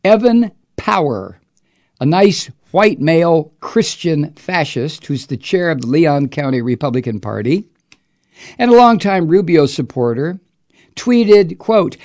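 A man's voice: a little high, animated, measured pace, darkish tone. A man delivering an angry, profane and sarcastic political monologue. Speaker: political commentator.

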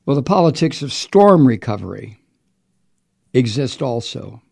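A man's voice: medium pitch, big pitch swings, a little slow, vocal fry, dark tone, husky. A man delivering an angry, profane and sarcastic political monologue. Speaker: political commentator.

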